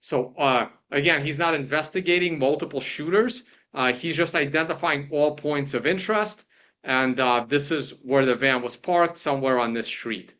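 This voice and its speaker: A man's voice: on the high side, normal speed, a bit bright. A man hosting, casually talking through videos on his screen, rambling with many restarts. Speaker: host. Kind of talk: casual screen-share commentary.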